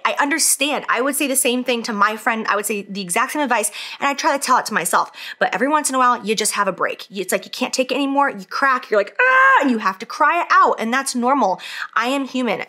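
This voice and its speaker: Bright-voiced woman vlogging while doing makeup. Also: on the high side. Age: 30s. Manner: candid, emotional, many "like" fillers; talks while applying makeup. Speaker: beauty vlogger. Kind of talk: casual talk to camera.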